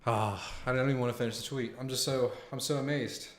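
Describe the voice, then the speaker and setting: Young male streamer, casual and profane, excitable, mid-range voice. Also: medium pitch, quick pace. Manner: excited, profane, slangy, says "man" and "dude" often. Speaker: livestream host. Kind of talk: casual live stream chat.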